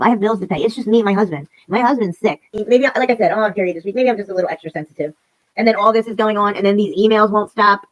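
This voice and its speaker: A woman's voice: mid-range voice, rough recording. A woman in her forties hosting a livestream, ranting in a casual, rambling, profane way. She is upset and emotional, and she repeats herself. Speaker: livestream host.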